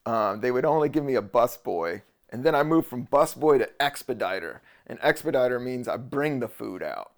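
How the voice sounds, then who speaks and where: Gravelly rambling man hosting a podcast. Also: medium pitch, expressive, moderate pace, hardly any pauses. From Washington DC area. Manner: loose, wandering, jokey, swears casually. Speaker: podcast host. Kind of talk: rambling casual monologue.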